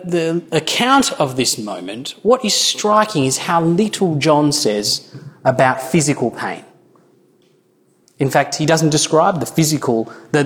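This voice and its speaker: A man preaching a sermon in an earnest, measured way, with small restarts. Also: fairly high pitch.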